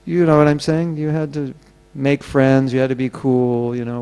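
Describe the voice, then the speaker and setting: A man preaches in a gravelly, creaky voice. His pitch sits in the ordinary middle range for a man. He tells a story and slips into the voices of the people in it. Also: flat delivery, normal speed, dark tone. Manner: storytelling, acting out quoted voices. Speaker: temple speaker. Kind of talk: sermon.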